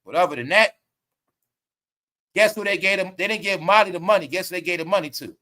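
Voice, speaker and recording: A man's voice: high-pitched, fast talker, bright, forceful tone. A man hosting a casual commentary stream, slangy and profane, laughing often as he tells stories. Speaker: commentary livestream host.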